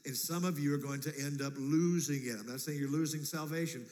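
Animated preacher man in a reverberant hall. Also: on the high side, brisk. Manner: animated, acts out voices, big swings in loudness. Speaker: pastor. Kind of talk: sermon.

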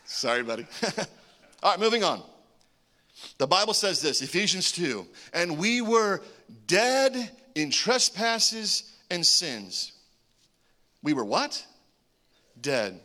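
A man preaching a sermon, animated, with joking asides and swings between loud calls and hushed remarks. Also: sits high, slow, long pauses. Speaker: pastor.

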